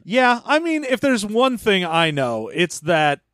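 A man's voice: high-pitched, sing-song, a little slow, a bit bright, dry recording, studio quality. A man co-hosting a podcast, riffing and wisecracking about a book. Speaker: podcast co-host. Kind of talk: casual comedic book discussion.

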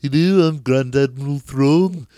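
A man voicing a sci-fi grand admiral in a put-on Liverpool accent, slow and drawn out. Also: medium pitch, warm tone, no echo, studio quality, natural voice. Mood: cheeky.

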